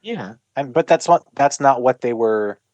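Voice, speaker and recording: A Canadian man co-hosting a podcast, chatting casually and asking relaxed questions. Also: medium pitch, a little slow, no echo, highs cut off. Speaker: podcast co-host. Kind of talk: casual chat.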